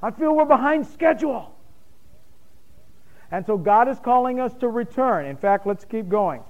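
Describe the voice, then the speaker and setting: A man's voice: very high-pitched, expressive, moderate pace, dull audio. A man preaching a sermon with emphatic bursts and questions thrown to the congregation. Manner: emphatic, rising to loud points, quizzes the congregation.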